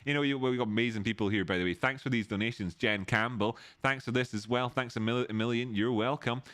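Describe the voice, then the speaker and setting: A man's voice: mid-range voice, fast talker, fairly bright tone, dry recording. A man hosting a casual live stream. He rambles chattily, greets viewers by name and goes off on tangents.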